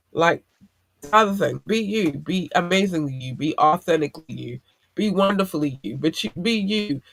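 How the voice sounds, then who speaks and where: Blunt, profane man, slightly high voice. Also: gravelly, fairly bright tone, no echo. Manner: blunt, profane, preachy advice-giving. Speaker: podcast host. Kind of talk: casual podcast monologue.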